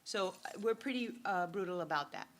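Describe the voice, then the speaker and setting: A woman's voice: fairly low pitch, lively intonation, fairly quick. A woman giving a casual, joking workshop talk as a retail buyer and consultant. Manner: chatty, joking storyteller.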